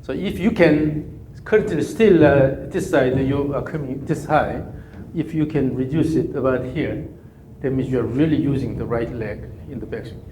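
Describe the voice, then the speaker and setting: A man coaching a golf swing, giving calm, repetitive cues and humming through counts. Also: mid-range voice, normal speed, few pauses, a little hiss or hum. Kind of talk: live coaching session. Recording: echoey room with faint ambience.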